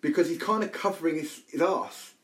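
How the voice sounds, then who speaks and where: A man co-hosts a casual podcast, talking with lively energy and tripping over repeated words as he restarts his sentences. His pitch sits in the middle of the usual male range. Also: brisk, rough recording. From United Kingdom. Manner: animated, stammering restarts. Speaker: podcast co-host.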